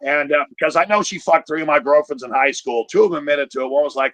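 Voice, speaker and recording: A man's voice: a little high, quick pace, hardly any pauses, no room sound. A man telling a profane, punchy stand-up story over a video call. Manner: profane, punchy, animated delivery. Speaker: comedian.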